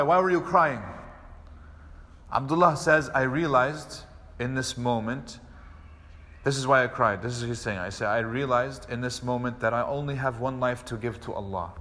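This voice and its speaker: A man, an imam, giving a mosque lecture, telling a story and acting out the quoted speech with lively delivery. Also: mid-range voice. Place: mosque hall. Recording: long hall reverb.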